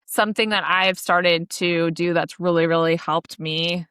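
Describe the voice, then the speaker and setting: A woman's voice: on the low side, fairly even intonation, unhurried, fairly bright tone, clear, resonant tone, no room sound, clean studio sound. A woman co-hosting a podcast, talking in a reflective, coaching way with casual fillers. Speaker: podcast co-host. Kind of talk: casual chat.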